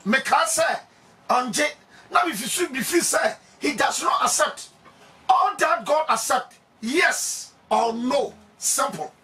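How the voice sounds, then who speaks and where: High-voiced, animated Ghanaian preacher man. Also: slow, recorded from a distance. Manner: emphatic, laughing, bursts of shouting.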